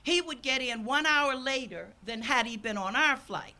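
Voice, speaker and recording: At a moderate pace, an older woman who is a minister shares a personal story in her sermon at an outdoor service. She sounds earnest, her voice bright and fairly high, and she acts out the people she quotes.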